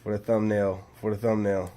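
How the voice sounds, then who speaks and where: A man's voice: lowish voice, level tone, normal speed, warm tone. A man hosting a casual reaction video, talking in a drawling, slangy way and saying "man" a lot. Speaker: YouTube reaction host.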